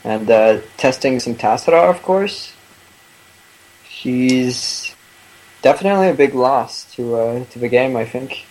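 A man's voice: medium pitch, animated, unhurried, darkish tone, low-quality recording. A man on a podcast panel, chatting about games in a laid-back way with lots of fillers. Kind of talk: casual gaming chat.

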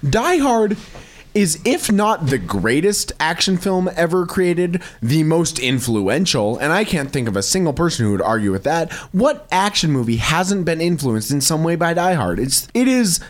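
Podcast guy declaring his movie picks like law, voice swooping all over. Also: normal speed. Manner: emphatic, mock-grandiose proclamations; lively pitch swings. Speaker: podcast co-host. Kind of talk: casual movie podcast chat.

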